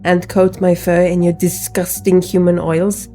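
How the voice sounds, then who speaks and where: A woman's voice: lowish voice, little pitch movement, unhurried, warm tone, faint music behind, lightly acted. Disdainful French-accented cat, female, lofty and theatrical, as a woman puts her on in a game. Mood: haughty. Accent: put-on French.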